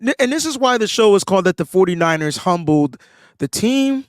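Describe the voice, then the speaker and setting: Man, sports podcast co-host, animated storyteller, higher voice, dry close mic. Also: fairly quick, clean tone, no room sound. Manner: animated storytelling, voice rising when excited. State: under the weather. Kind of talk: casual sports chat.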